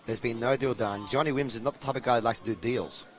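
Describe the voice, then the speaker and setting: A man hosting and calling a live pool stream, keen to rally viewers and fond of telling stories about the players. His voice is a mid-pitched male one. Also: quick pace, background noise. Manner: eager, promoting the stream, long explanations. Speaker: pool commentator and stream host. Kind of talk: live sports commentary.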